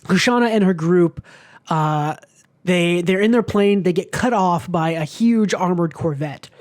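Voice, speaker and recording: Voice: mid-range voice, unhurried, a little mellow. A podcast co-host in a casual book club discussion, talking in a rambling way with many fillers and the odd swear word.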